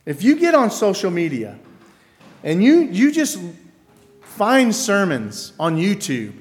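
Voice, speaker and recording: A man's voice: high voice, huge pitch swings, slow pace. A male pastor preaching a sermon in a loose, conversational way, acting out quoted voices and repeating himself as he builds a point. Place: church sanctuary. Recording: long reverb of a large hall.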